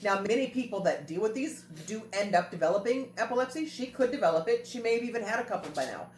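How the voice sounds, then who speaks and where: A woman's voice: a little high, animated, fast, slight background noise. A woman host telling a family story in a casual chat, earnest and repeating phrases for emphasis. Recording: roomy echo with faint music.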